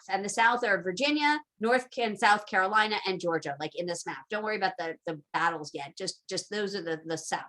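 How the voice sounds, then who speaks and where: A woman's voice: medium pitch, a bit bright. A woman teaching a casual recorded lecture, chatty and full of asides and fillers.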